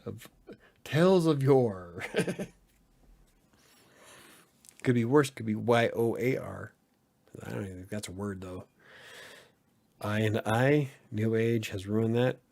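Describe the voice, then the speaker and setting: A man's voice: lowish voice, takes it slowly, creaky, long pauses, darkish tone. A man hosting a casual live-stream podcast, joking around and laughing often as he answers the chat. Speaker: podcast host; editor.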